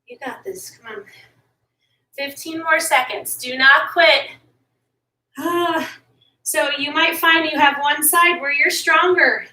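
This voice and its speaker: A woman fitness instructor with a high, sharp voice and fairly even intonation exercises along while coaching a workout, urging listeners not to quit. She speaks slowly with long pauses, recorded far from the mic in an echoey room.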